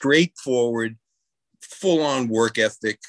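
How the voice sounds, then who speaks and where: A man's voice: medium pitch, slow pace, no echo. A man from New York telling rambling anecdotes with many restarts in a casual interview. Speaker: guest musician.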